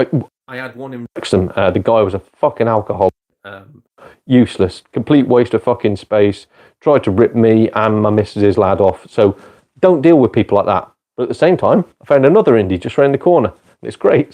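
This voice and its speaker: A man's voice: mid-range voice, warm tone. A British man hosting a casual gaming live stream, rambling and joking with heavy swearing. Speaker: retro games streamer.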